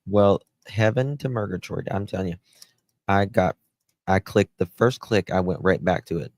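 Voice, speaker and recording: A man's voice: sits low, normal speed, darkish tone, no echo. A man hosting a live true-crime stream, chatty and exclamatory, thinking aloud as he goes.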